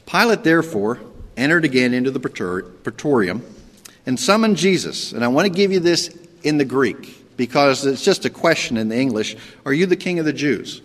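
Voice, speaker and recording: A man's voice: animated, normal speed, fairly bright tone, long reverb tail. A man preaching a sermon in a conversational way, checking in with "okay?" and sometimes acting out the quoted characters. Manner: acts out Pilate's sarcastic lines in a higher voice. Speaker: pastor.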